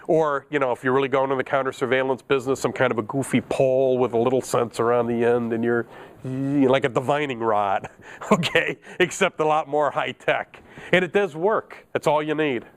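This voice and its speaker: A middle-aged man teaching an electronics class, chatty and joking, laughing at his own asides. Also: medium pitch. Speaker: electronics instructor. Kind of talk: classroom lecture.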